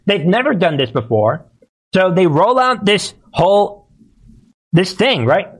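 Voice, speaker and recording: Man, commentary host, slightly high voice, agitated, repetitive, preachy. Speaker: host of a political commentary channel. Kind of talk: live-streamed political commentary.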